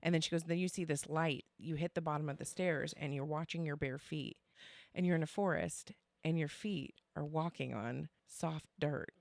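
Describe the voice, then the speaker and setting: A woman co-hosting a podcast, telling a story in casual chat, animated and quoting others as she goes. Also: sits low, normal speed, creaky, no room sound, studio quality. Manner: animated, quotes others, swears and laughs. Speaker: podcast co-host.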